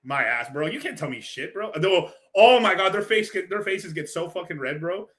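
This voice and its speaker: A man with a bright, slightly raised voice rambles through an off-the-cuff reaction, laughing and cursing freely. His talk is loose, full of restarts and asides. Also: high-pitched, lively intonation, moderate pace. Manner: loose, rambling, laughs often, swears a lot. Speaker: stream host reacting to a clip. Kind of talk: casual profane reaction commentary.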